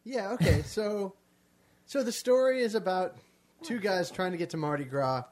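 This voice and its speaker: A man co-hosting a casual film review podcast, measured and summarizing the plot. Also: sits high, a little mellow. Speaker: podcast co-host.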